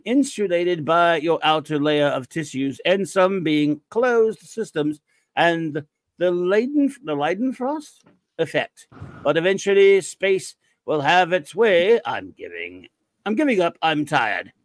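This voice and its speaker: A man's voice: high-pitched, expressive, slow pace, dry recording. A man co-hosting a casual podcast, reading out chat comments in a playful manner. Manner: playful, slips into a mock posh butler voice.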